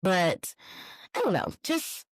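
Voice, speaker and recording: A woman, hosting a candid solo podcast and telling stories in a lively, frank way with swearing and laughter. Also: mid-range voice, slow pace, dry recording, low-quality recording. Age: 40s. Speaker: podcast host. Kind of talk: casual solo podcast, live-streamed.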